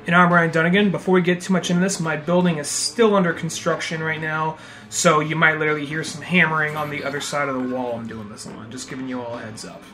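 A man's voice: on the high side, steady tone, fast, bright, forceful tone, soft background music. A man co-hosting a podcast, chatting casually and joking. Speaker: podcast co-host. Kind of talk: casual chat.

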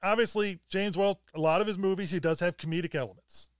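A man's voice: high-pitched, fast talker, no room sound, clean studio sound. A man in a casual podcast discussion about films, conversational, often repeating words as he searches for them. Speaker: film discussion co-host.

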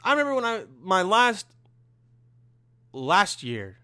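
A young man hosting his own podcast, ranting casually to the camera in a profane, rambling way with loud bursts of exasperation. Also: high voice, very animated, takes it slowly, smooth. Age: young adult. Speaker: podcast host.

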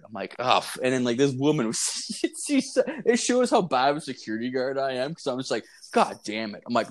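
A young man telling stories in casual, profane podcast chat, with an animated delivery. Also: mid-range voice, a little fast.

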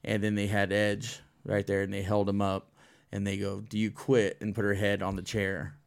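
A man hosting a casual chat about wrestling, animated, laughing often and swearing a lot. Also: on the low side, normal speed, vocal fry, smooth. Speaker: podcast host.

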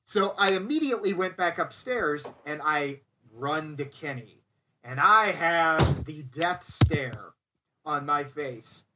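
A man's voice: on the high side, lively intonation, slow pace, distant mic, noisy background. A young man casually telling a funny story, animatedly acting out other people's lines. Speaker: storyteller guest. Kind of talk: casual anecdote on a podcast.

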